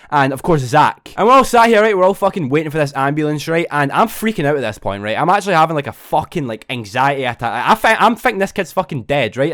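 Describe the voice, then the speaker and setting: A young man rattles through a story at a fast clip. His voice sits a little higher than most men's. He rambles, swears constantly and keeps tagging his lines with "right?". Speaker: vlogger. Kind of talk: casual storytelling to camera.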